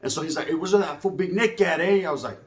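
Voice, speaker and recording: High-pitched streetwise storyteller man. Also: fast. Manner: streetwise slang, acts out dialogue, frequent "you know what I mean". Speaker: storyteller recounting prison life. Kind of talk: casual storytelling.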